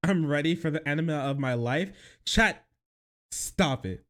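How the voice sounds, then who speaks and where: A young man streaming his reaction to news clips, mocking them loudly and crudely with bursts of laughter. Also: lively intonation, a little slow. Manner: loud, mocking and crude, with frequent laughter and sudden high-pitched outbursts. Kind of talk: livestream reaction commentary.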